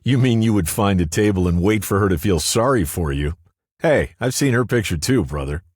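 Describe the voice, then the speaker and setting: A man voicing a brash, profane male detective in an audiobook, loud and high above his own voice. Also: moderate pace, husky, dry recording, studio quality. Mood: teasing.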